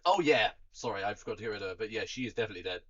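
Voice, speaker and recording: A man's voice: fairly low pitch, lively intonation, very fast, crowd noise. A man narrating a tabletop game as game master, chatty and laughing often. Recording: dull lo-fi sound.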